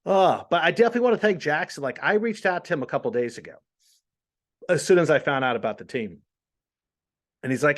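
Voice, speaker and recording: A man's voice: a little high, lively intonation, brisk. A man in his forties hosting a podcast, chatting casually in a rambling, self-deprecating way. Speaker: podcast host.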